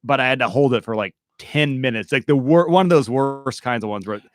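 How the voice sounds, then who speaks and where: A man's voice: mid-range voice, a little fast, no room sound, clean studio sound. A man hosting a podcast in casual chat, telling stories in a candid, reflective way. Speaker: podcast host.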